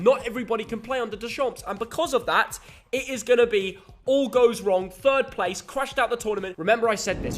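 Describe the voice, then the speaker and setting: A man's voice: sits high, fairly bright tone. A young man giving football predictions in casual chat, with cheeky, teasing banter. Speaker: football pundit.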